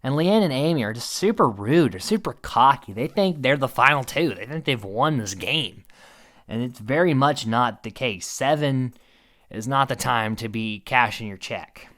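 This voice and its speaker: A man giving a casual, animated recap commentary, chatty and laughing often. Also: mid-range voice, normal speed. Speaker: show recap host.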